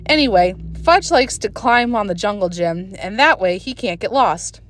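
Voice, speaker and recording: Recorded on a phone, a woman reads a children's book aloud with expressive storytelling. Her voice is medium in pitch and her pace is moderate.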